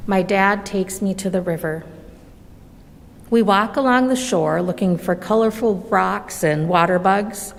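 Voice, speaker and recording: A woman reading a children's story aloud at a church service, gentle and measured. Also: medium pitch, vocal fry, slight background noise. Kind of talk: slow storybook read-aloud. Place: church sanctuary. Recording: long reverb of a large hall.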